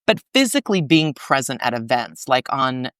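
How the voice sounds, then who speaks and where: A woman's voice: rumbling low, normal speed, no room sound. Middle-aged woman, interview guest, casual chatty delivery, lots of fillers, close dry mic. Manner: chatty and animated, many fillers. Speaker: guest, arts organization founder.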